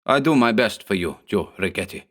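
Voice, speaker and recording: A man's voice: lowish voice, expressive, a little fast, a bit bright. A man voicing a burly, superstitious immigrant thug who speaks broken English, in a horror audiobook. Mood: eager. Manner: broken English, whining and pleading. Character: burly hog-necked male immigrant thug, superstitious, fearful.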